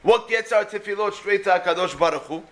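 Bright, high-voiced man preaching. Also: a little fast. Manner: animated storyteller who acts out the people in his stories. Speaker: speaker giving a religious talk. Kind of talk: sermon with storytelling.

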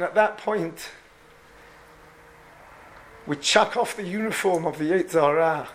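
Male preacher, high voice, lively storyteller who acts out his characters. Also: measured pace, long pauses, a little hiss or hum. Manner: animated, repeats words, voices the people in the story. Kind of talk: storytelling sermon.

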